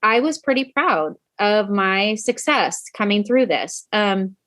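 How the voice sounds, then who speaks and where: A woman's voice: mid-range voice, animated, slow pace, fairly bright tone, dry recording. Chatty woman coach, dry close sound. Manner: chatty, talks straight to listeners as "you guys"; many "um" fillers and self-corrections. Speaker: podcast host and coach. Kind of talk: casual personal storytelling podcast.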